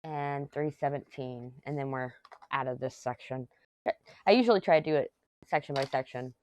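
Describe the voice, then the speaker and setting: Mom rambling family stories over a craft project at home, low voice, dry close sound. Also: female voice, normal speed, darkish tone, no echo. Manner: rambling family storytelling, chatty asides. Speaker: craft vlogger. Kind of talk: casual chat while crafting.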